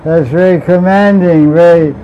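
Guy teaching a scripture class, kinda high mellow voice, laughs a lot, dull lo-fi recording. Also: fairly even intonation, moderate pace. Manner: playful, laughs often, asks the class questions. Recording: dull lo-fi sound with faint vehicle noise.

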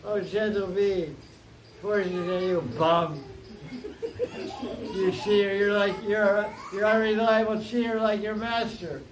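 A man putting on a lovesick young woman's voice scolds a bee messenger. The voice sits high and moves slowly, full of scorn and teasing. A roomy echo hangs around it. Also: fairly even intonation, a crowd in the background. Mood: mocking. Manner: mocking, scornful.

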